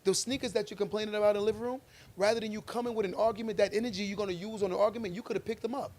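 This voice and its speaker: A man's voice: high-pitched, steady tone, very fast, darkish tone. A man co-hosting a podcast, arguing his view with emphatic, preachy conviction and telling stories along the way. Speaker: podcast co-host. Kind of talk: casual debate chat.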